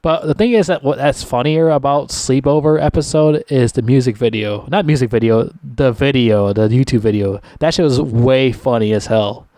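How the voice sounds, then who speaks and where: A man's voice: medium pitch, normal speed, few pauses, mellow, no echo. A man giving a casual, profanity-laced rant reviewing a TV season, his voice jumping sharply upward when he gets annoyed. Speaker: TV show reviewer.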